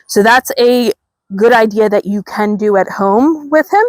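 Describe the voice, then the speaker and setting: Calm woman dog trainer, high praise. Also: a little slow, no echo. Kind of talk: instructional dog training demo. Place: outdoors.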